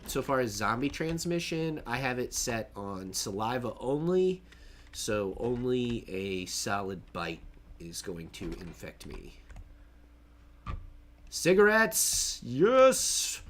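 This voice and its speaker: A man casually narrating his own gameplay on a stream, chatty, joking and laughing to himself as he plays. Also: lowish voice.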